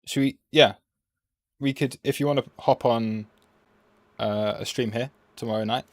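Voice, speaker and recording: A man's voice: mid-range voice, dry recording. A man, chatting playfully on a live trading stream and talking at the price chart.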